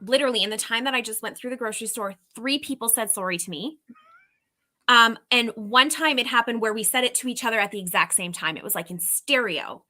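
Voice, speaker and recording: A woman's voice: on the high side, fairly quick, bright, forceful tone. A Canadian woman with a Canadian accent co-hosting a casual livestream chat, chatty and laughing often. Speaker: co-host.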